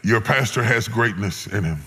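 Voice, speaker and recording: A middle-aged man preaching a sermon, moving between loud peaks and hushed lows. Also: lively intonation, moderate pace, creaky. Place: large church hall before a congregation. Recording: long hall reverb, loud crowd noise.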